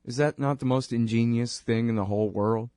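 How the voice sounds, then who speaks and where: A man at mid pitch hosts his own talk radio show, talking loosely and wryly between topics. The sound is close and dry, with no room around it. He drifts from aside to aside in a chatty way. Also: steady tone, mellow, dry recording. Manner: rambling, wry, conversational, quick asides. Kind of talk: casual monologue.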